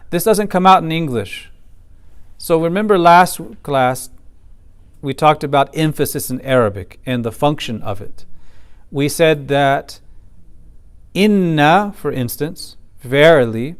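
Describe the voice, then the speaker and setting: A man giving a class lecture in a somewhat high, smooth and clear voice. He explains methodically, leans on key points and recites Arabic phrases along the way. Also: expressive, measured pace, pauses often. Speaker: teacher of a Quran commentary class.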